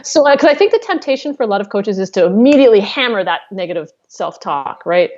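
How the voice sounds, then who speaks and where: A woman's voice: mid-range voice, sing-song, quick pace, a little mellow, lo-fi sound, slight background noise. A woman coach speaking as an interview guest, explaining her methods candidly and swearing casually.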